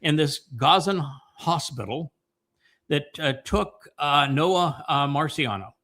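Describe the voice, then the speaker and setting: A male podcast host with a bright, forceful voice talks through his commentary as if thinking aloud. He wanders, stacks fillers and restarts, then slows right down to hammer his key points. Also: a little high, lively intonation. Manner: meandering, many fillers and restarts. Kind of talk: casual commentary chat.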